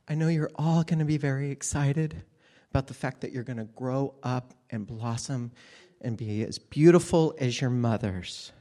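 A sweet, gushing woman teacher addresses her class in a lilting, sugary tone, mimicked by a man. Her voice rises a little higher and brighter than his own. She sounds cheerfully upbeat throughout. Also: normal speed, lightly acted.

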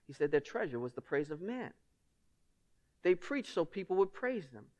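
A man's voice: sits high, sing-song, moderate pace, pauses often, a little mellow, dull audio. A male pastor preaching a sermon in a conversational, emphatic way, often asking the congregation rhetorical questions.

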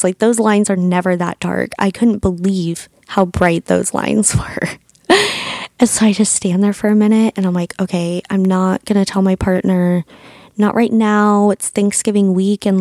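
Chatty woman in her 30s telling her story, says like a lot, bit of vocal fry, dry sound. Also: medium pitch, no echo. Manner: chatty, filler-heavy, animated retelling. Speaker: podcast host, doula. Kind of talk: personal storytelling.

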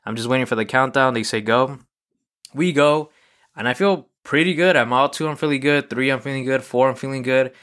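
A man's voice: medium pitch, brisk, fairly bright tone, clear, resonant tone. A man hosting a podcast, telling a loose, rambling personal story in a casual solo monologue, full of fillers. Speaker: podcast host.

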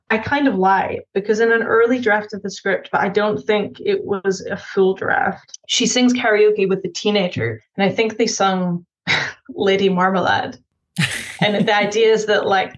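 A Scottish woman, a film director, answering interview questions thoughtfully with many pauses and restarts. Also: mid-range voice, highs cut off.

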